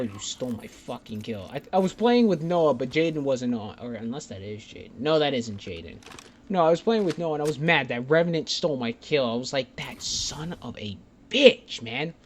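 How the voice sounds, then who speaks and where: A young man giving casual, rambling, profane commentary over his own gameplay clips as a voice-over. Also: medium pitch. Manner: rambling, profane, laid-back. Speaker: gaming YouTuber. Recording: game gunfire noise underneath. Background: game gunfire and clicks.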